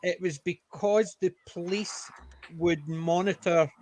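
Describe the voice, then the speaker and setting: A man's voice: high voice, steady tone, takes it slowly, slight background noise. A man on a casual video-call panel, explaining slang with a chuckle. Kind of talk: casual podcast chat.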